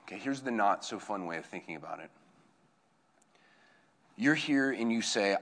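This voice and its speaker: A man, a campus minister preaching a conversational sermon, telling stories that swing from hushed to excited. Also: medium pitch, normal speed, pauses often.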